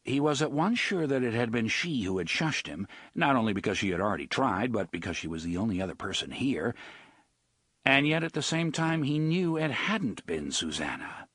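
Male audiobook narrator, husky, lively intonation, dry close studio sound. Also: medium pitch, normal speed, no echo. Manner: expressive, dramatic storytelling. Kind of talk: scripted narration.

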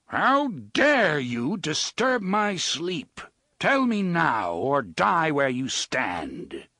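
Huge menacing machine voice booming commands, slow and loud, a man doing it. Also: huge pitch swings, no room sound, studio quality, heavily acted. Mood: wrathful. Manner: roaring, imperious.

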